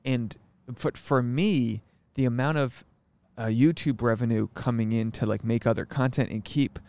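A man's voice: mid-range voice, fairly even intonation, normal speed, a little mellow, no echo. A man in his thirties co-hosting a casual couple's podcast, joking around and defending himself with frequent laughs. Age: 30s. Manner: jokey, defensive, laughs often. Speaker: podcast co-host.

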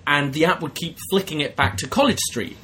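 A man's voice: on the high side, a little fast, sharp tone, a little hiss or hum. A man co-hosting a podcast and telling wry stories in casual chat. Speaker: podcast co-host.

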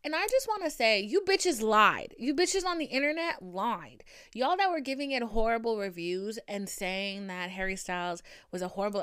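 A woman's voice: medium pitch, clean tone, dry recording, studio quality. Chatty woman with a light Boston accent. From Boston area, US. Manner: animated, rambling, profane. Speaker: podcast host. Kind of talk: casual chat.

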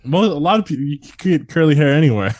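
A man's voice: on the high side, lively intonation, brisk, a little mellow, no room sound. A man hosting a podcast in casual comedic banter, joking, swearing and laughing often. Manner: profane, jokey, laughs often. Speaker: podcast host.

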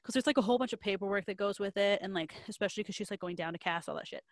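A woman's voice: mid-range voice, racing, dry recording. A young woman casually retelling a novel's plot, rambling with lots of likes and ums and slipping into quoted voices.

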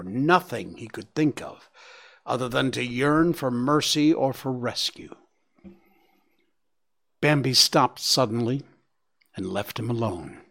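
Slow, expressive male audiobook narrator. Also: mid-range voice. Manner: expressive storytelling.

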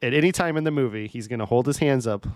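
A man's voice: medium pitch, fast talker, a little mellow, dry recording, poor audio. A man co-hosting a podcast, chatting casually in a laid-back way, chuckling as he tells a story. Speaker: podcast co-host. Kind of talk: casual chat.

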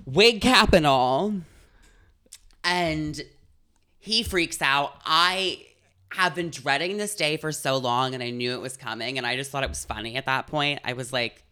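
Young woman co-host, bright tone, animated storyteller in a casual chat. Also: rumbling low, a little slow, clean tone. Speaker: podcast co-host.

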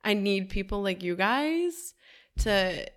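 A woman who runs healing events, speaking gently and slowly in an affirming, supportive way on a podcast. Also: medium pitch, animated. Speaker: retreat facilitator. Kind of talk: podcast conversation.

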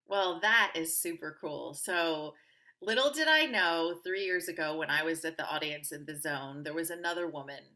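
Bright, animated woman telling stories. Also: low voice, normal speed. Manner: animated, upbeat storyteller with lively quoted voices. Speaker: podcast guest. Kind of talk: conversational interview storytelling.

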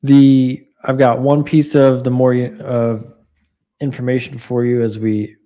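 An easygoing man hosting a podcast, joking along with his co-host while keeping the conversation moving. His voice is mellow and warm, never sharp. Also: mid-range voice, flat delivery, a little slow. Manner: easygoing, jokey, wraps up the show. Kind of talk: casual chat.

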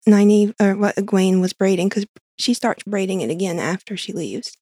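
A woman's voice: mid-range voice, moderate pace, warm tone, slightly rough, dry recording, studio quality. A woman co-hosting a casual fan podcast, insistent and prone to restarting sentences. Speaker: podcast co-host.

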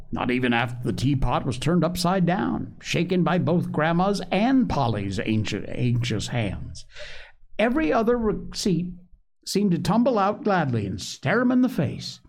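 Male storyteller, slightly high voice, very lively intonation, storybook narration. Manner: expressive, animated reading. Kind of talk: storybook read-aloud narration.

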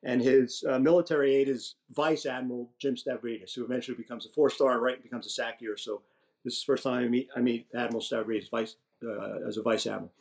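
A man's voice: medium pitch, quick pace, creaky. A man in his sixties, a retired general guest, telling casual stories with restarts and mild swearing. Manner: animated, profane anecdotes with restarts. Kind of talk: casual storytelling.

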